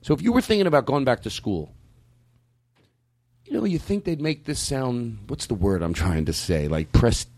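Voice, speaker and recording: A podcast host talks in a dry, close studio sound, rambling and restarting his sentences. His pitch is middling and he stays casual. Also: big pitch swings, moderate pace, a little mellow, no echo. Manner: rambling, restarts and self-corrections.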